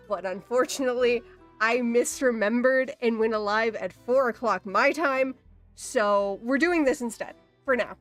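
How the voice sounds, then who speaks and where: A woman's voice: a little high, fairly bright tone. A woman livestreaming in casual, rambling chat, swearing easily and saying "like" a lot.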